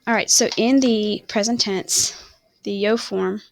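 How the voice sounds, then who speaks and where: A woman's voice: mid-range voice, fairly even intonation, unhurried, vocal fry. Woman teaching a recorded online lesson. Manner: self-correcting, apologetic, rambling. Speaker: Spanish teacher.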